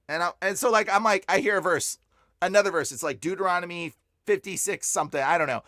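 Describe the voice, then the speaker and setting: A young man on a podcast telling a personal story with lots of excitement, his voice jumping up whenever he quotes himself. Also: high voice, fast, no echo, studio quality. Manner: excitable, voice jumps up when quoting himself. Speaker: podcast guest.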